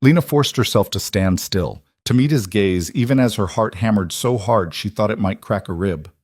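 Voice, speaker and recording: A man narrating a scripted story in a steady, measured way. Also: on the low side, no room sound, studio quality.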